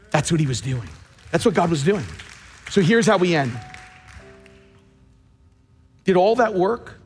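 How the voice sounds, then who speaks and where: A middle-aged man preaching a sermon as pastor, emphatic, leaning hard on key words and slowing down to stress them. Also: on the high side, a little mellow, breathy edge. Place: large church sanctuary. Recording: long hall reverb, faint music.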